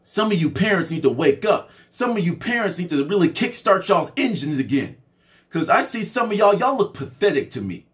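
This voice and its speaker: A man's voice: high-pitched, very animated, fairly quick. A young adult man giving an impassioned, preachy rant straight to his audience as a spiritual and health vlogger.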